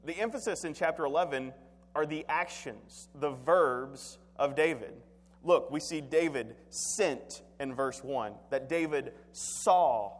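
Guy preaching a sermon, reads scripture then talks it through, earnest and halting, voice rings out in a big reverby hall. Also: medium pitch. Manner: earnest, deliberate, with halting repetitions.

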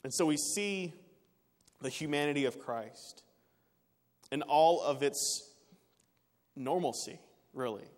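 A man preaching a sermon in an earnest way, rising to emphatic peaks and dropping quiet again. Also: fairly high pitch, expressive, slow, pauses often. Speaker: pastor. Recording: long reverb of a large hall.

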